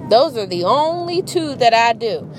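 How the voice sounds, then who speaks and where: Young adult woman, animated profane storyteller, slightly high pitch, faint background noise. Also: normal speed. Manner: animated, profane, acts out voices. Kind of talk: casual storytelling monologue.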